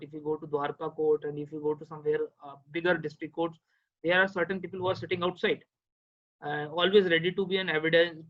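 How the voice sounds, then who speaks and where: A man's voice: a little high, a bit bright, lo-fi sound. A man with an Indian English accent giving an online law lecture, explaining step by step with many "uh" fillers and checking in with listeners. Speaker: lecturer on cross-examination.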